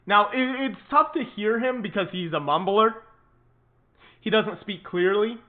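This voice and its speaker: A man's voice: sits high, measured pace. A man hosting his own political commentary show, talking in an indignant, emphatic way and repeating words for stress. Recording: tinny phone-like sound.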